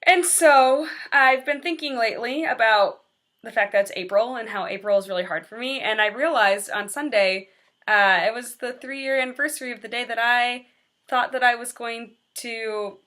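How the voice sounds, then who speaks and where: A young woman in her twenties speaks in a personal vlog confession, candid and earnest. Her voice sits a little high and sounds bright and sharp. She opens up in a plain, confessional way. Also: moderate pace. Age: 20s. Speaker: teacher.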